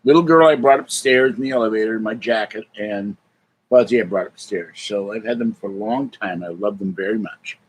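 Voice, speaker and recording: A man's voice: fairly low pitch, a little fast, slightly rough, poor audio. An older man chatting casually on a live stream from home, rambling between answers and cooing at his cats.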